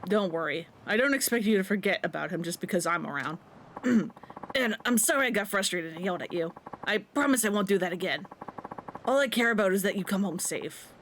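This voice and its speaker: A woman putting on the voice of a worried middle-aged father from a video game, earnest and gentle, his tone pushed lower than her own. He talks with a soft, apologetic warmth, and a faint hiss sits behind him. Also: animated, a little fast. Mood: tender.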